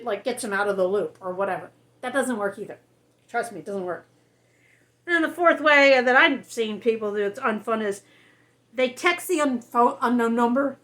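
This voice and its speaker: A woman's voice: fairly high pitch, a bit bright. A woman vlogger giving casual advice to camera, chatty, laughing often and acting out her phone replies.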